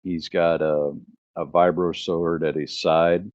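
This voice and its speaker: Deep-voiced man running a tabletop game. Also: little pitch movement, darkish tone, dry recording. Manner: laid-back, halting scene description. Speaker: game master. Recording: muffled lo-fi audio.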